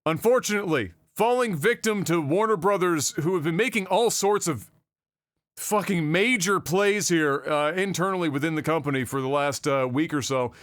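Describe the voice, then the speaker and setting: Profane, animated male podcast host. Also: fairly high pitch, normal speed, no echo. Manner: profane, animated, rambling with fillers. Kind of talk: casual podcast chat.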